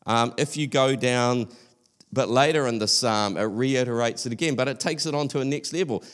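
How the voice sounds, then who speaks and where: A man's voice: mid-range voice, normal speed, a bit bright. A male preacher giving an earnest, conversational sermon, often restarting his sentences.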